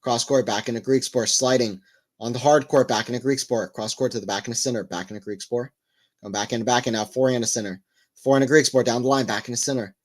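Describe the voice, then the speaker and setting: A man's voice: mid-range voice, fast. Chatty man calling tennis live. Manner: chatty, rambling asides between excited point calls. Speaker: livestream tennis commentator. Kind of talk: casual live play-by-play commentary.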